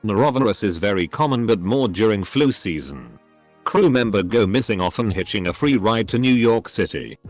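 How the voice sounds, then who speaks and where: Low, lively male narrator reading posts. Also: normal speed, dry recording. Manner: even, steady reading, voices symbols and emoticons literally. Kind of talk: scripted narration. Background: faint background music.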